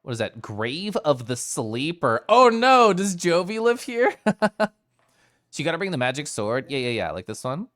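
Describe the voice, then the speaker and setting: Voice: medium pitch, sing-song, normal speed, a bit bright, dry recording, clean studio sound. A streamer casually chatting with viewers while playing a game, giggly and playful. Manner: giggly, playful, talking to chat. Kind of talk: casual live-stream gameplay chat. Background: faint game music.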